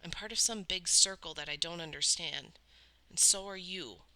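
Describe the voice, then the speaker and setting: A woman reading aloud and voicing a remorseful teenage boy who speaks earnestly and quietly. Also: fairly low pitch, normal speed, poor audio.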